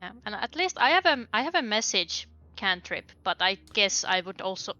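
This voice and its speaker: A woman's voice: medium pitch, sing-song, normal speed, bright, forceful tone, no room sound, highs cut off, soft background music. A woman playing a tabletop game, planning aloud in a rambling, casual way. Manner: rambling, many fillers. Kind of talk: casual chat.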